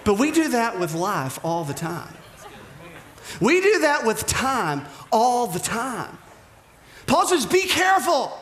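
A man preaching a sermon as pastor, animated, dropping to hushed whispers and rising to shouted emphasis. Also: high-pitched, slow, reverberant.

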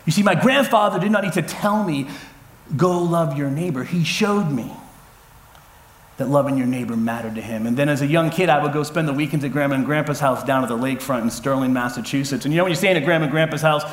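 A man in his forties preaching a sermon to a congregation, lively and humorous as he tells stories and calls out to the crowd. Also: a little high, quick pace, reverberant. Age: 40s. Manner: lively, addressing a crowd with cheers and callouts; storytelling with humor. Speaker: pastor. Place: church auditorium before a congregation.

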